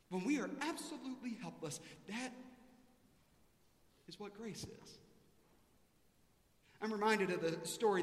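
A male pastor preaches with a fairly high voice, shifting between animated storytelling and quiet earnestness. His voice rings through a large church with a long, roomy echo. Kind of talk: sermon. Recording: echoey church hall.

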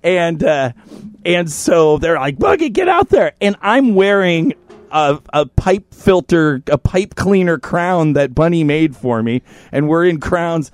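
A man co-hosting a casual podcast, telling stories in an animated, profanity-laced way. His voice sits on the higher side for a man. The sound is dry and close. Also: slow, clean tone, dry recording. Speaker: podcast co-host. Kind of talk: casual chat, storytelling. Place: podcast studio in North Hollywood.

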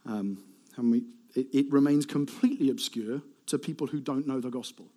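A man preaching a sermon to a live congregation, animated and conversational, with asides to the crowd. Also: mid-range voice, moderate pace. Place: warm hall with a live congregation.

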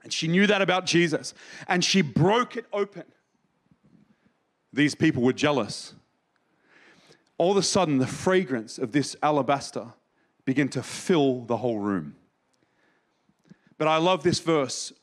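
A man with a notably high-pitched voice delivers a sermon. He preaches with passion, pushing his voice up with urgency and then dropping into a soft, intimate hush as he tells the story. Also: expressive, unhurried, pauses often. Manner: impassioned, swings from raised to hushed.

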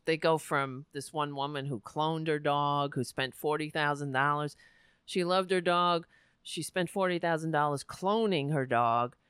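A woman hosting a live talk show, rambling emotionally and close to tears, often trailing off into quiet murmurs. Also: low voice, clean tone, dry recording. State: near tears. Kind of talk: casual on-air monologue.

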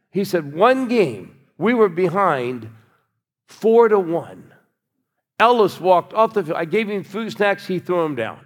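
Preaching in a large church hall that lends his voice a long reverb, an older pastor speaks high-pitched and very animated, though a little slowly. He exhorts the congregation, drawing them to respond and cheer in call-and-response fashion.

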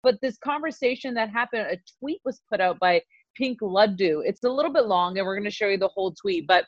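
A woman co-hosting a podcast in casual chat, animated and quick to laugh. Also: mid-range voice, dry recording, lo-fi sound. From South Asian community. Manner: animated, laughs easily, emotional. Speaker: podcast co-host.

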